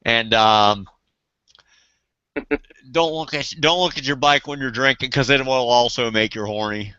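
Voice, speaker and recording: A man hosts a loose casual chat, joking, swearing and laughing easily. His voice is very bright, clean and smooth, and it sits in a dry space on a slightly dull recording. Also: medium pitch, unhurried, no echo. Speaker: channel host.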